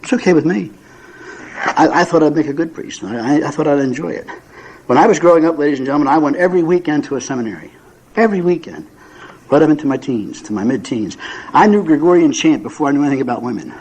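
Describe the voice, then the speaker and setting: A man in his seventies with a fairly high voice, spinning self-mocking stories for a room of listeners. He talks in a folksy, unhurried way, stumbling through plenty of "uh"s and repeated words along the way. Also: animated, a little mellow, breathy edge, rough recording. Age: 70s. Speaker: recovery meeting speaker. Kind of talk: humorous personal storytelling to an audience.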